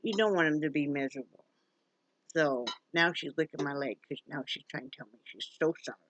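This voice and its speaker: A woman's voice: low voice, a little fast, slight background noise. A chatty woman from Wyoming vlogging at home, switching between folksy talk to viewers and coaxing, sing-song baby talk to her dog. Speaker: vlogger, pet rescuer. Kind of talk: casual home vlog.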